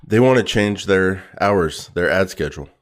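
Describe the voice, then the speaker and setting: Deep-voiced talkative male podcast co-host. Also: lively intonation, moderate pace, slight background noise. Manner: talkative, teasing, open. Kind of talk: casual podcast chat.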